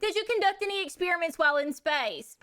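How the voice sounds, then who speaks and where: A woman's voice: extremely high pitch, lively intonation, fast talker, a bit bright. A woman streamer reading chat questions aloud during a live stream.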